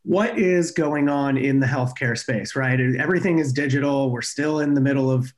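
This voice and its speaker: A man's voice: mid-range voice, moderate pace. A man hosting a podcast interview in an upbeat, chatty way, often restarting his sentences. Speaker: podcast host. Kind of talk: conversational interview.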